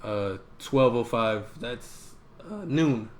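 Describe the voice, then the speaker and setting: A man's voice: medium pitch, animated, takes it slowly, a little hiss or hum. A young man hosting a casual podcast, teasing his guest, swearing freely, and reading a social post aloud in a mock-solemn voice. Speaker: podcast host.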